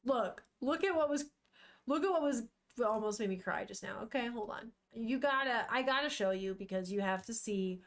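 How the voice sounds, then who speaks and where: A woman's voice: on the high side, normal speed. A young woman streamer chatting casually and emotionally while reading a comic aloud, swearing now and then. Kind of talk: casual live-stream commentary.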